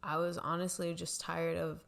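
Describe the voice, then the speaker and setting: A woman's voice: lowish voice, flat delivery, moderate pace, gravelly, fairly bright tone. A woman co-hosting a casual faith chat, reflecting and encouraging her sister, with a habit of saying "you know". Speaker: co-host sister.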